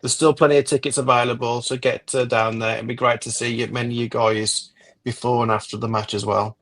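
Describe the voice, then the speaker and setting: A man's voice: mid-range voice, little pitch movement, a little fast, fairly bright tone. A man co-hosting a football fan stream, upbeat and inviting as he addresses viewers. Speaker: co-host. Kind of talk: casual football chat.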